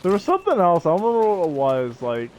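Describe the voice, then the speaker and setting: Slight background noise accompanies this young man's high-pitched, darkish voice, which swings hugely in pitch. Streaming a survival game, he casually talks with viewers and friends, hopping from one joke to the next and laughing a lot.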